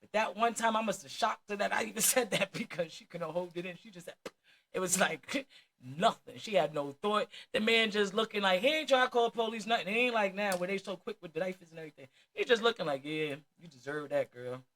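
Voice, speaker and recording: A woman's voice: medium pitch, fairly quick, a bit bright, a little hiss or hum. A woman with a New Jersey accent telling her life story candidly, in blunt street slang with plenty of swearing.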